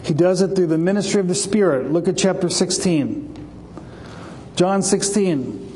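Passionate high-voiced male preacher in a reverberant hall. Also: moderate pace, dark tone. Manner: passionate, rises for scripture quotes, some restarts. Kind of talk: sermon. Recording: long reverb, faint background noise.

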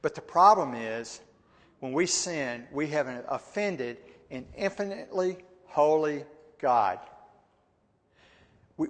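Man, Bible teaching, conversational, repeats himself, asks questions, long hall reverb. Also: on the high side. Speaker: church teacher. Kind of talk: sermon-style Bible teaching.

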